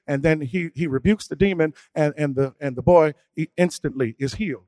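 A male preacher who swings from hushed, quiet asides to sung, shouted preaching. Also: fairly high pitch, moderate pace, hardly any pauses, no room sound. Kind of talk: sermon.

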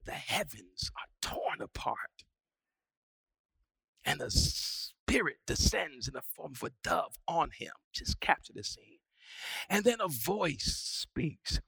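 A male pastor preaching a sermon, moving from quiet teaching to shouted, rising preaching and back down to near-whispers. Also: on the high side, very animated, takes it slowly, vocal fry, slightly rough, no room sound.

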